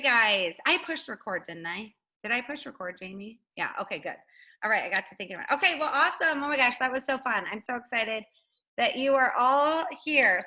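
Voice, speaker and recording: A woman's voice: sits high, bright, forceful tone, poor audio. A woman hosting a casual team video call, chatty and upbeat, laughing often.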